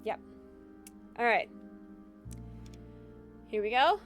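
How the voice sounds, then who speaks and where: A woman's voice: on the high side, big pitch swings, extremely slow, faint music behind. A woman streamer giving chatty, casual gaming commentary, giggling often and swearing casually.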